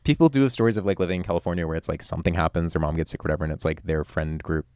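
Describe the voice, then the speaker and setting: Man from New Jersey, podcast host, rapid animated delivery, dry close sound. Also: deep voice, clean tone, no echo. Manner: animated, swears freely, acts out people in quick bits. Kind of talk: casual chat.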